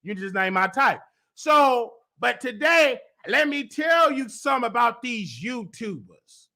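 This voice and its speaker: A man's voice: very high-pitched, a little slow, creaky. A man hosting his own show, delivering a heated, emphatic rant and acting out the quotes he repeats. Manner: animated, emphatic, repetitive, with acted-out quotes. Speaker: host. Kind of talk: heated live-stream rant.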